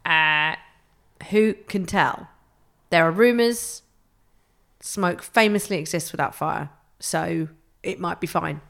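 A woman's voice: on the low side, slow, gravelly, a bit bright. A woman co-hosting a podcast in casual chat, wry and playful, often giggling. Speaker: podcast co-host.

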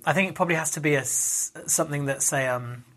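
A man's voice: on the high side, fast, a bit bright. Hesitant man, many restarts. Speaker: podcast guest. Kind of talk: casual conversation.

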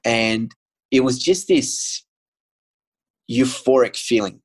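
Slow and husky at medium pitch, this male guest opens up about a personal story in casual talk, earnest and frank. He keeps saying um and restarting his sentences, and the audio is poor.

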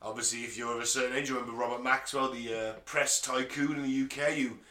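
A man's voice: mid-range voice, steady tone, fast, bright, forceful tone. A man co-hosting a casual podcast, laughing often and swearing freely while reading out news stories. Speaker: podcast co-host. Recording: roomy echo.

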